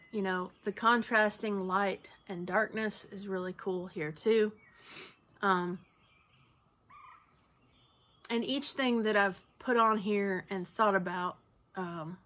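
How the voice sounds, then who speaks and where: A woman who teaches banjo, talking earnestly about her faith, choked up and sometimes dropping to a near whisper. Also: mid-range voice. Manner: earnest, soft, drops to a near whisper at times. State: choked up, tearful. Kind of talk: heartfelt casual talk about faith.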